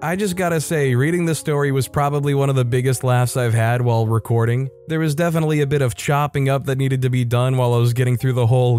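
A man's voice: mid-range voice, fast talker, few pauses, a little mellow, smooth, soft background music. A man narrating internet stories in a wry, playful scripted style, slipping into mock voices for quoted lines. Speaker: story narrator.

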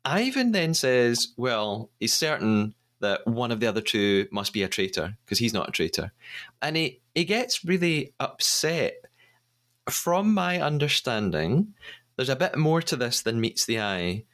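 A man's voice: mid-range voice, big pitch swings, a little slow, a bit bright. A man hosting a podcast, casually retelling scenes with the odd stammered restart. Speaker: podcast host. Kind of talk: casual recap chat.

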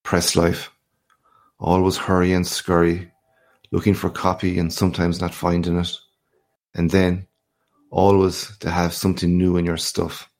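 A man reading aloud and voicing a boastful, hearty male journalist home from abroad, low and gravelly, with a swaggering, lively manner. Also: unhurried. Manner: boisterous, swaggering, lively questions.

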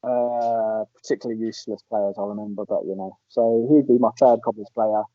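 A man, chatting casually as a podcast host and telling animated anecdotes. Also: on the low side, a little fast, dry recording. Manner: lively storyteller, puts on voices in anecdotes. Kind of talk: casual chat. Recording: dull lo-fi sound.

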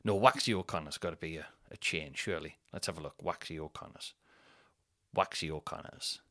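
A man's voice: extremely low pitch, brisk, dry recording, studio quality. A man, rambling and swearing through a casual solo podcast chat. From North East England. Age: 30s. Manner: rambling and sweary, thinks out loud. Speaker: podcast host.

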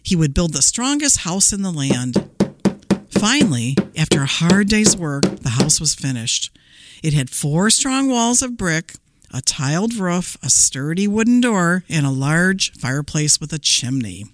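A woman children's librarian reading a fairy tale aloud in an expressive, animated way. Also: sits low, a little slow, very noisy. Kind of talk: storytime read-aloud.

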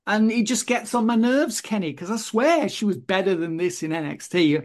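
Guy chatting on a podcast, kinda higher voice, blunt and fed up sometimes. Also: animated, moderate pace. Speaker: podcast co-host. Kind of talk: casual chat.

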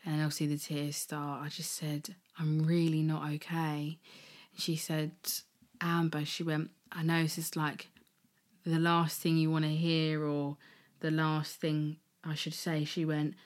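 Woman, podcast host, low voice, casual storytelling, lots of ums and likes. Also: flat delivery, unhurried. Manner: chatty, many fillers, soft and emotional at times.

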